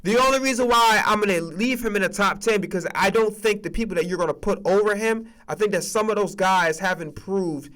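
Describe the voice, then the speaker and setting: A man hosting a sports streaming podcast, ranting in a casual, profane, animated way and repeating himself as he vents. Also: high-pitched, brisk, few pauses.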